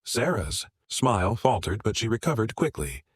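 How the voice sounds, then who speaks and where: A man narrating a first-person drama story in a steady, measured way. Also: lowish voice, slightly rough, no room sound, studio quality.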